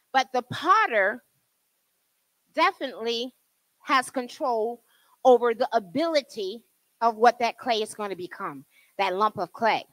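A woman in her sixties preaches with a Southern accent. Her high voice swoops and climbs with emphasis, bright and forceful. The sound is dry and close. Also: no echo, poor audio. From New Jersey. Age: 60s. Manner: emphatic preaching with laughs and audience prompts. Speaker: Bible study teacher. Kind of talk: sermon. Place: church.

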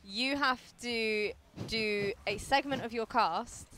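Lady host poking fun at the guys, a bit high voice. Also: slow pace, bright, forceful tone. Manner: teasing, asking questions. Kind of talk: casual watch party chat.

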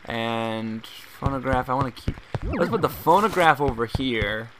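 At a measured pace and medium pitch, a young gaming host rambles through chatty let's play commentary, sometimes letting out excited shouts. Game music and other noise fill the background.

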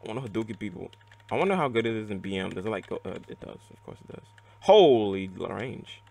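A man giving live gameplay commentary, excitable and reactive, muttering and swearing at the game as he plays. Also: on the low side, fast, creaky. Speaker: let's play gamer.

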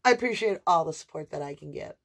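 A woman doing an animated, affectionate tarot reading for her viewers, with sing-song emphasis and a chatty, conversational flow. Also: low voice, fast talker. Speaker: tarot reader. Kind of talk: spiritual tarot reading to camera.

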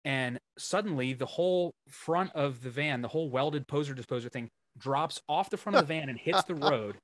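A man's voice: fairly high pitch, normal speed. A man in a casual podcast chat, telling road stories with lots of swearing and acting out what others said. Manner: animated storyteller, swears freely, acts out what others said. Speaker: band member telling tour stories.

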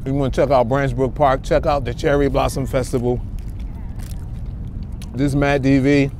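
A man's voice: mid-range voice, little pitch movement, normal speed, darkish tone, slight background noise. A man from Newark, chatting casually to his viewers as a food vlogger while eating outdoors in a city park. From Newark, New Jersey. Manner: chatty, talks straight to viewers as "y'all". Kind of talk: casual chat to camera.

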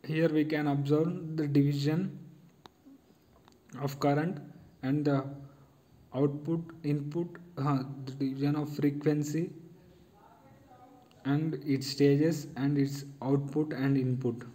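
A young man giving a halting technical presentation on a circuit design, pausing and restarting often. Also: a little high, steady tone, mellow, poor audio. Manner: halting, with many pauses and restarts.

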